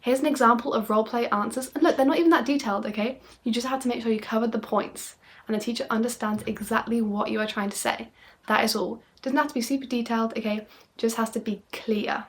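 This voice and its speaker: A woman's voice: fairly high pitch, fast. A woman from the UK teaching an exam lesson in an upbeat, emphatic way, often checking in with the listener. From United Kingdom. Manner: animated, playing up phrases with dramatic tone. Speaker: French exam tutor. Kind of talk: video lesson monologue.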